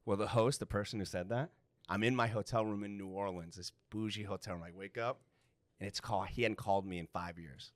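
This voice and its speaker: A man, a guest actor and radio personality, telling animated stories to a student audience. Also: lowish voice, fairly quick, no room sound. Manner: animated, emphatic storyteller. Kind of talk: storytelling to a live student audience.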